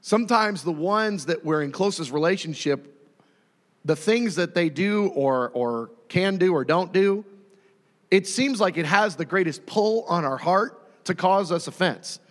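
Male pastor, thirties, animated sermon delivery, reverberant hall. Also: high-pitched, a little slow. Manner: animated storytelling, acting out voices.

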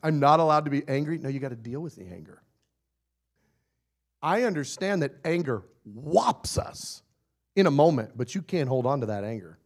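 A man preaching a sermon in a playful, animated way, acting out little scenes and laughing often. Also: a little high, normal speed.

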